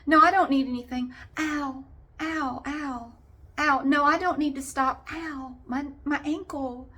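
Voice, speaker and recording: A woman voicing a whiny, attention-seeking woman who moans about her ankle in a high, loud voice. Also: steady tone, measured pace.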